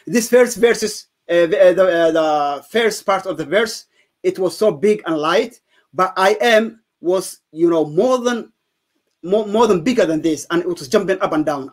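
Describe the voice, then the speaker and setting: A man's voice: high-pitched, animated, a little slow. A man, giving an earnest, emphatic personal testimony as an interview guest. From Somalia.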